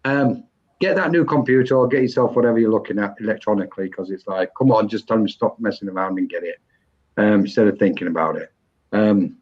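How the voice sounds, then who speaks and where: A man hosting a live online session and giving a psychic mediumship reading, pausing often and restarting as he searches for words. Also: on the low side. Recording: dull lo-fi online stream.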